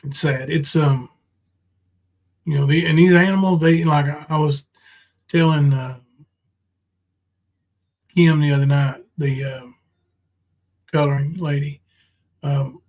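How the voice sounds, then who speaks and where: A man's voice: on the high side, fairly even intonation, slow, long pauses, darkish tone, low-quality recording. A man ranting on a livestream, confrontational and profane, full of ums and restarts. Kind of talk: casual livestream rant.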